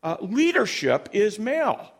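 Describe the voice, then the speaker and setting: A man's voice: sits high, very animated, a little slow, pitched above the performer's own voice, full character voice. A man voicing a prim older churchwoman who lectures insistently about obedience. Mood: lecturing. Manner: preachy, insistent.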